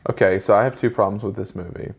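A man's voice: lowish voice, fairly even intonation, breathy edge. A man in his forties giving an opinionated, ranting movie review in casual chat with a co-host. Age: 40s. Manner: opinionated, ranting with quick asides.

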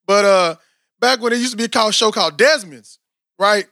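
A man's voice: high-pitched, moderate pace, dry recording, clean studio sound. A man, chatting casually and animatedly in a rambling, slangy way as a podcast co-host. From Texas, USA. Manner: animated, rambling, slangy, frequent "you know what I'm saying". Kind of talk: casual chat.

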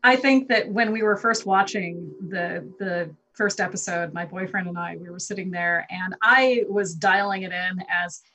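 A woman co-hosting a podcast, telling an anecdote in a lively, laughing, casual way. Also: fairly low pitch, moderate pace, few pauses, poor audio. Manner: animated, laughing storyteller. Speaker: podcast co-host. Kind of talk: casual chat.

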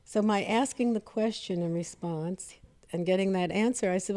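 A woman's voice: medium pitch, moderate pace, warm tone. Woman guest, comedy writer, wry anecdotal storyteller. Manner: wry, self-deprecating storyteller. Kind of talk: casual interview chat, storytelling.

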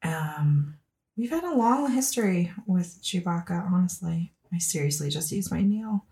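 A woman's voice: fairly low pitch, expressive, a little slow, mellow. A woman hosting a podcast in casual chat, chatty and laughing often, with fillers. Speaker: podcast host.

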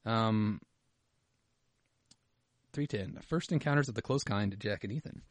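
A man's voice: lowish voice, a little slow, dry recording. A man co-hosting a podcast, joking and swearing as he reads listener emails. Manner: joking, sweary, drops into a mutter. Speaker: podcast co-host. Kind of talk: casual banter, reading listener emails.

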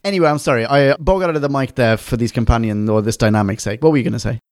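A man co-hosting a podcast in casual, animated, jokey chat, swearing now and then. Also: medium pitch, fast, dry recording, studio quality. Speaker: podcast co-host.

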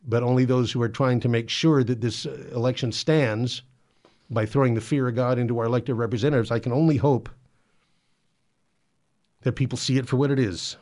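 A man's voice: medium pitch, steady tone, fairly quick, a little mellow. A man giving earnest Catholic commentary, often repeating words and stumbling as he presses his point. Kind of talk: spoken commentary and exhortation.

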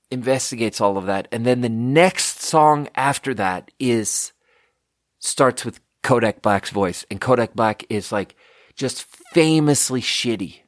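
A man hosting a podcast, talking in a loose, digressive way, swearing freely and stopping to restart his thoughts. His voice sits at an ordinary middle pitch. The recording is dry and close, with no room sound. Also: no echo. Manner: profane, digressive, restarts often. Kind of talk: casual rambling monologue.

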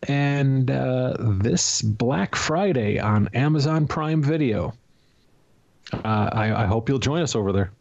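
A man's voice: mid-range voice, lively intonation, slow, creaky, a little mellow, highs cut off. A man co-hosting a podcast, chatting casually and joking at his own expense. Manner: joking, chatty, self-deprecating. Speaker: podcast co-host.

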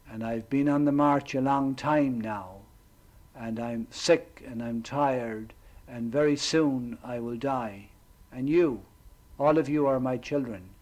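A priest voicing Adam, a weary, dying first man solemnly addressing his descendants in a sermon role-play. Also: mid-range voice.

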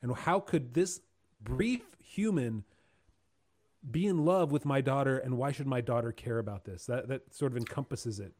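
A man's voice: medium pitch, normal speed. A man with an ordinary mid-range voice, co-hosting a book podcast. He walks through a passage at an easy pace. He keeps checking in with the others as he explains. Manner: relaxed, explanatory, ends points with "right?". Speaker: podcast co-host. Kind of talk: casual book discussion.

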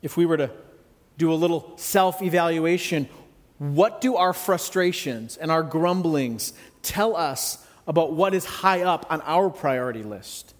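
A man preaching a sermon in a conversational, reflective way with gentle humor. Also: on the high side, lively intonation, a little slow, long reverb tail. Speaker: pastor.

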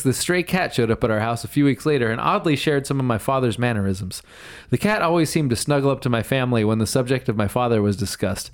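A man hosting a casual chat, rambling with many fillers and reading a blog excerpt aloud. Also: medium pitch. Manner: rambling, lots of fillers, laughs often.

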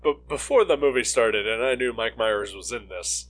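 A man's voice: medium pitch, moderate pace, low-quality recording. A man co-hosting a podcast, chatting casually about a movie and thinking aloud with frequent restarts. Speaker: podcast co-host.

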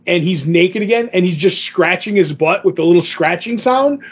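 A man in a casual podcast chat, retelling comic stories with animated energy and acting out the quotes. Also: sits high, normal speed, hardly any pauses, breathy edge. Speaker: podcast co-host. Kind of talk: casual comic book discussion. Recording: dull lo-fi sound.

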